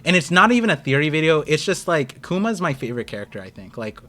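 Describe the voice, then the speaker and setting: A young American man hosting a live stream, chatting casually and excitedly with his viewers. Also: on the high side, quick pace. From United States. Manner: rambling, excitable, talks to chat. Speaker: streamer host.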